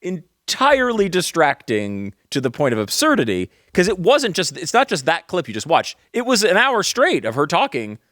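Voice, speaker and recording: A man's voice: a little high, wildly swooping pitch, normal speed, few pauses, fairly bright tone, dry recording, studio quality. A man co-hosting a casual podcast chat, talking in rambling, self-interrupting runs and often laughing. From Northeastern US. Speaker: co-host.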